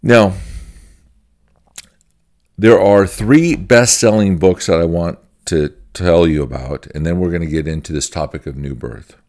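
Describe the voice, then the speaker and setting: A man's voice: sits low, measured pace, darkish tone. A man, a pastor, giving an informal church-history teaching in a conversational, folksy way, repeating phrases as he goes.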